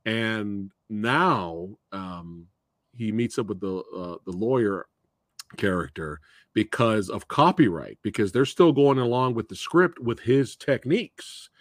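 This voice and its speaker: A man hosting a casual movie discussion, retelling scenes in an animated way and acting out the characters' lines. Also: fairly low pitch, takes it slowly, dry recording, studio quality. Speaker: podcast host.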